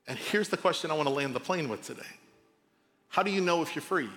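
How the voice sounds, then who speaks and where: A male pastor delivers a casual sermon in a bright, forceful voice pitched a little high. He swings from loud emphasis to hushed, quiet drops with informal asides. His voice rings with the long reverb of a large hall. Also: lively intonation, fast talker.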